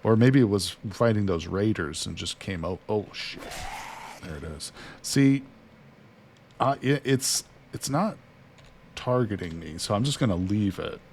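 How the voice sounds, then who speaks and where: This gaming streamer's voice is on the low side and darkish, a little slow but lively in intonation, with slight background noise. He chats casually to himself and his character while commentating on a survival game.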